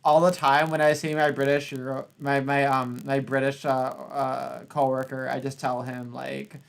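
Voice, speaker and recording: A man hosting a podcast, chatting casually, with a profane and animated ranting manner. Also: mid-range voice, normal speed, vocal fry. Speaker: podcast host. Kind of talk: casual chat.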